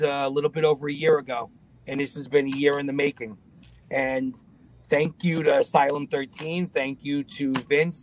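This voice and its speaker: A lively man tells his story as a guest, and his voice sits a bit high for a man. He jumps into other people's voices as he goes, keeping the telling loose and casual. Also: slight background noise, low-quality recording. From Long Island, New York.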